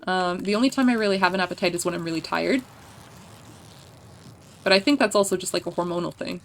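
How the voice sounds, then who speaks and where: A woman's voice: on the low side, quick pace, vocal fry, slight background noise. A woman streamer chatting casually while playing, rambling and playful, swearing freely. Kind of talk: casual gameplay chat.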